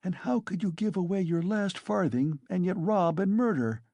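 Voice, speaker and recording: Brief: male reader playing a timid young woman, high, beseeching. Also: takes it slowly, creaky, darkish tone, husky, no room sound, full character voice. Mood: horrified.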